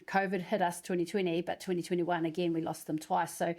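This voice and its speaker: Gravelly low New woman. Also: level tone, a little fast, darkish tone. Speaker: podcast co-host. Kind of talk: casual podcast chat.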